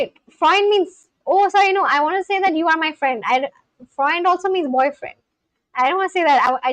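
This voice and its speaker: Young woman streamer, high voice, unhurried, dry close mic, casual chat with viewers. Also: dry recording, rough recording. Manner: chatty, thinks aloud, sounds out foreign words slowly. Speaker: language-learning livestreamer.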